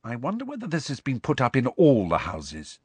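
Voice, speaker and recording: A clever, bossy teenage schoolgirl, put on by a male storyteller in a raised, slightly husky voice. She speaks briskly and precisely, turning firm and grim when crossed, with lively swings in pitch. It is a storybook reading in a dry, close sound. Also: dry recording.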